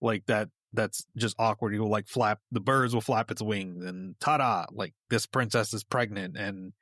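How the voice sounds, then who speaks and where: A man's voice: on the low side, fairly even intonation, normal speed, fairly bright tone, no echo, clean studio sound. A man chatting on a podcast as a guest, telling a myth in a loose, rambling way with lots of fillers. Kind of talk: casual chat.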